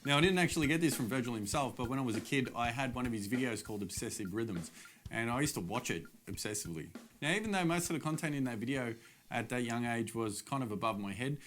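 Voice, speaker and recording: A man's voice: medium pitch, animated, quick pace, fairly bright tone, soft background music. A middle-aged man giving a casual, upbeat drum lesson straight to camera, explaining the steps plainly. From Australia. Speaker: drum teacher.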